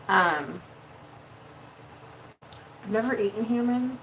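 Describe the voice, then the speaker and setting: A woman's voice: fairly high pitch, lively intonation, measured pace, pauses often, sharp tone, a little hiss or hum, rough recording. A woman hosting a casual livestream while doing her makeup, emotional and venting, swearing freely and laughing often. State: emotional, near tears. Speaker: livestream host.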